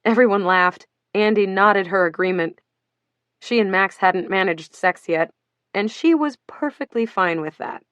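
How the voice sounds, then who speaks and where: A woman reading a novel aloud as an audiobook narrator, in a steady, even storytelling manner. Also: medium pitch, measured pace, clean tone, no room sound, dull audio. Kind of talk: scripted narration.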